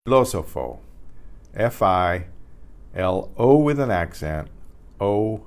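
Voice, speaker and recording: Slow, patient older man teaching Spanish. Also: lowish voice, expressive, a little mellow. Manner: slow, patient, spells out letters and repeats words; frequent throat clearing and self-corrections. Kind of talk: beginner language lesson.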